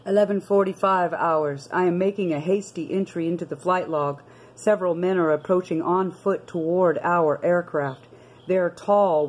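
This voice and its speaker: A woman's voice: lowish voice, a little mellow, poor audio. A woman reading a diary aloud and adding earnest commentary, addressing her listeners as brothers and sisters. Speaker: video narrator.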